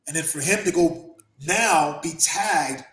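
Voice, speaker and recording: A man hosting a podcast, telling profane, animated stories, laughing often and acting out the people he quotes. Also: fairly high pitch, slow pace. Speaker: podcast host and former wrestler. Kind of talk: casual storytelling chat. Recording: roomy echo.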